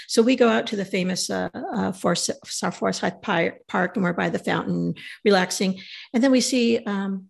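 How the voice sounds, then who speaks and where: Husky-voiced woman telling a story. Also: mid-range voice, normal speed. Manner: animated storyteller, acts out quoted voices. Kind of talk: casual storytelling.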